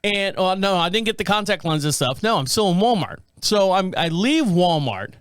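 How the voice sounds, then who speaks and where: A man's voice: sits high, expressive, normal speed, fairly bright tone, clean tone, no echo. A middle-aged man hosting a podcast, telling a rambling everyday story in a casual way and acting out the people he quotes. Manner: rambling anecdotal delivery, acts out quoted people. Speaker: podcast host.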